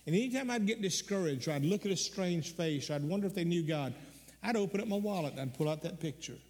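A man preaching a sermon, telling a personal story earnestly and slowing down on the emotional moments. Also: sits high, expressive, darkish tone, in a large hall.

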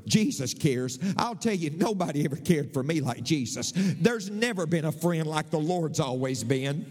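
A man preaching a sermon as pastor, passionate, dropping to low murmurs and climbing to high cries. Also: animated, normal speed, few pauses, darkish tone. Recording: long hall reverb.

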